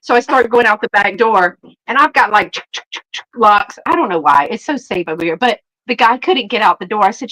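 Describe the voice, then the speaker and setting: Bright animated woman storyteller. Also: a little high, normal speed, poor audio. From Southern United States. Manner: animated, acts out quotes, laughs often. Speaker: live sale host. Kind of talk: casual storytelling chat.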